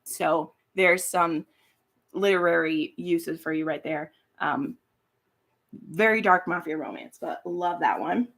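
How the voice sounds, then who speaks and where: Chatty woman with a gravelly voice. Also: fairly low pitch. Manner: chatty, rambling, swears casually, laughs easily. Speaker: booktube host. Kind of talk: casual live-stream chat. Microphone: streaming from home setup.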